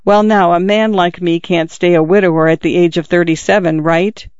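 A man's voice: high-pitched, fairly even intonation, moderate pace, clear, resonant tone, dry recording, dull audio, close to an everyday voice. A man voicing a wounded, dying middle-aged father who speaks earnestly and urgently to his son while out of breath. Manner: urgent, confiding, pleading. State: in pain, out of breath.

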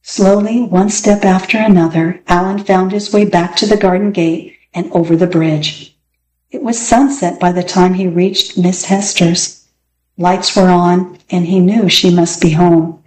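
A woman narrating a children's storybook aloud with expressive, dramatic delivery. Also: mid-range voice, a little hiss or hum. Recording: echoey room, faint ambience.

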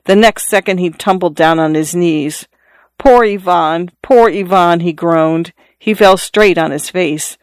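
A narrator reading a literary story in a measured, steady way. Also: medium pitch, dry recording. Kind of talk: audiobook narration.

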